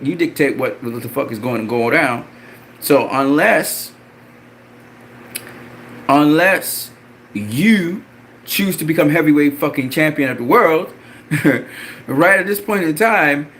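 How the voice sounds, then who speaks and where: A man angrily ranting about boxing, profane and repetitive, with mocking jumps in his voice. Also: a little hiss or hum. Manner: animated, mocking pitch jumps. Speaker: boxing commentator. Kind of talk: ranting commentary.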